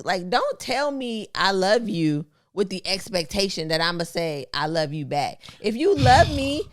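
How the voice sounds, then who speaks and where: A woman in her thirties with tells stories and holds her ground. Her pitch leaps around as she talks, and her voice is close and dry. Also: a little slow, few pauses, dry recording. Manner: animated storyteller, firm and sassy. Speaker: podcast co-host. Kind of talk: casual couple banter.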